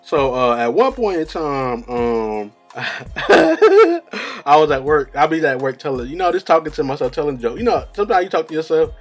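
A man's voice: on the high side, sing-song, normal speed, soft background music. A young man, rambling in casual slang-heavy chat as a solo vlogger, laughing at his own stories.

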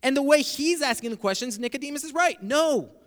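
A man preaching a sermon, explaining a passage verse by verse and slowing down to stress key points. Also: very high voice, expressive, a bit bright. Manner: expository preaching, slows down for emphasis. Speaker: pastor. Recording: long hall reverb.

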